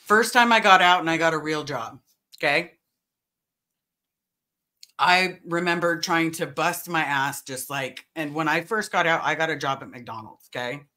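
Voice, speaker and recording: Bright, blunt guest telling stories. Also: female voice, low-pitched, normal speed. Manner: blunt storytelling with casual swearing. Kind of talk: casual conversational chat.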